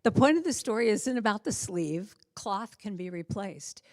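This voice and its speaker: An American woman delivers an inspirational Sunday talk, weaving stories with quick conversational asides. Her voice sits mid-range and earnest. The sound is close and dry, with little room around it. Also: medium pitch, animated, darkish tone, dry recording. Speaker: guest speaker giving a Sunday talk. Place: church sanctuary.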